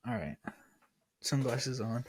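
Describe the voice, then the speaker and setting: A man's voice: mid-range voice, lively intonation, slow pace, a little mellow, slight background noise. A man co-hosting a podcast, easygoing and leading the questions in casual chat. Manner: easygoing, laughs along, leads the questions. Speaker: podcast co-host.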